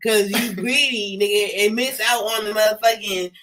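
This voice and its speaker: Young man from California, Californian accent, casual storyteller, animated and profane. Bright tone, sits back from the mic. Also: sits high, normal speed, distant mic, rough recording. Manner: animated, swears a lot, shouts when riled.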